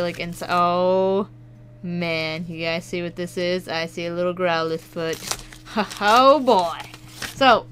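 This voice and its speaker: A woman YouTuber chatting casually as she opens fan mail, excitable and quick to laugh, with bursts of shouting. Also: medium pitch, a little hiss or hum. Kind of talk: casual unboxing chat.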